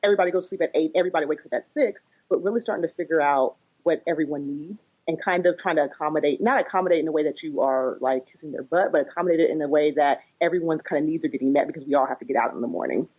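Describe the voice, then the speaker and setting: A woman's voice: deep voice, racing, hardly any pauses, slightly rough, lo-fi sound. A woman working as a psychotherapist and parenting coach, explaining in a podcast interview with acted-out examples and lots of "you know" and "kinda".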